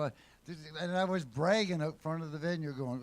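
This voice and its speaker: A man's voice: on the high side, fast. A man hosting a casual live music show at a venue, talking in a chatty, rambling, upbeat way. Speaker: show host.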